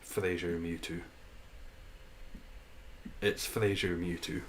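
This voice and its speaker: Male streamer, lower register, casual banter with viewers, frequent laughs. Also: level tone, takes it slowly, a little hiss or hum, low-quality recording. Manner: chatty, reads and answers chat, laughs often. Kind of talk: casual live-stream chat.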